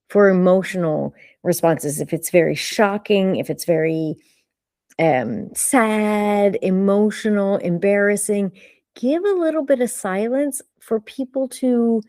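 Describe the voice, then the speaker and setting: A woman leads a live coaching session on vocal delivery, emphatic and animated, firing off rhetorical questions. She speaks at an unhurried, deliberate pace, pausing to let points land. The sound is dry and close. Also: mid-range voice, dry recording.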